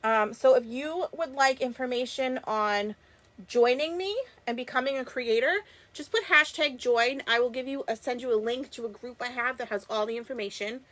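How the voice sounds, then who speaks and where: A woman's voice: fairly high pitch, normal speed, a bit bright. A woman from Massachusetts with a Boston accent, chatting enthusiastically with viewers while she demonstrates a craft live. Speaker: crafter hosting a live stream. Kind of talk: live craft demo chat.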